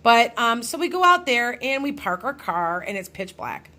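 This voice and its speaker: A woman's voice: fairly high pitch, sing-song, normal speed, sharp tone. Middle-aged lady rambling thru a ghost story, chatty, restarts a lot. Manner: rambling, many restarts and fillers. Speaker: psychic medium vlogger. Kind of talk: casual storytelling to camera.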